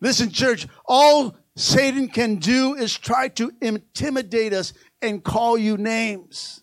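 High-voiced preaching man. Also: takes it slowly, no room sound, clean studio sound. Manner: animated preaching, repeatedly calls out to the congregation. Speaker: pastor. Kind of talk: sermon.

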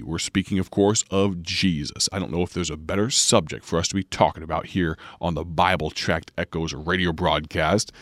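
A man, a radio preacher reading scripture and teaching in a slow, measured way, drawing out key words. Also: sits low, fairly even intonation, fairly bright tone, no echo, studio quality.

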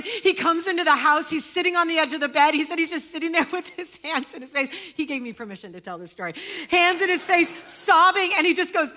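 A woman's voice: sits high, sharp tone. A middle-aged woman pastor giving a sermon in a church, telling a story conversationally and acting out the quotes.

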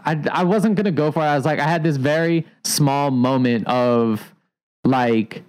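A man who works as a coffee shop barista, talking in a relaxed, rambling way with many fillers in a casual podcast chat. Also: fairly high pitch, moderate pace, rough recording.

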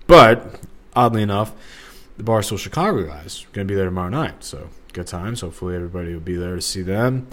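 This young man from the St. Louis area speaks a little fast in a low, slightly bright voice. He hosts a solo podcast and talks casually, rambling with many fillers and restarts.

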